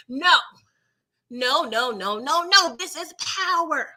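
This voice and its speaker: A woman's voice: high-pitched, animated, normal speed, sharp tone. A woman hosting a casual live-stream recap, sassy and slangy, chatting with her viewers.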